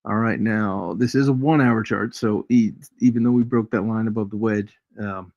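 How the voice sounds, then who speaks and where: A man's voice: fairly low pitch, fairly even intonation, normal speed, darkish tone, dry recording. A man hosting a casual live trading stream, chatty and jokey, chuckling as he reads charts aloud. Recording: dry, dull lo-fi stream audio.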